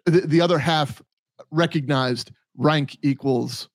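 A man's voice: on the high side, slow, no room sound. A man who used to be a deputy, now a podcast co-host, tells a reflective story in a casual chat with some swearing.

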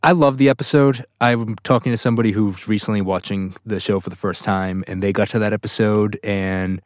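A man's voice: lowish voice, fairly quick, no echo, studio quality. A man as a guest on a podcast, good-humored, telling stories in casual chat. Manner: good-humored, animated storyteller.

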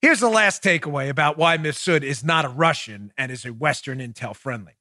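Male podcast host, high bright tone, dry close mic, sarcastic and animated delivery. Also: brisk, no room sound. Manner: mocking, animated, laughs at own jokes. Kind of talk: sarcastic political commentary.

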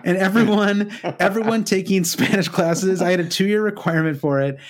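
A man's voice: sits high, moderate pace. A man from the United States co-hosting a sports podcast, chatting casually with lots of fillers and self-deprecating asides. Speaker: podcast co-host.

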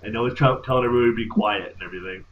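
A man's voice: mid-range voice, very fast, phone-quality sound. Laid-back male podcast co-host. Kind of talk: casual chat.

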